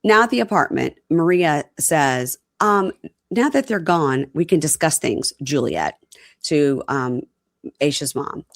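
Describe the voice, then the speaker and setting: Woman, lowish voice, casual chat, acts out quotes, dry close mic. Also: a little slow, vocal fry, no room sound. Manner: animated retelling, acting out quotes. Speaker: podcast co-host recapping reality TV.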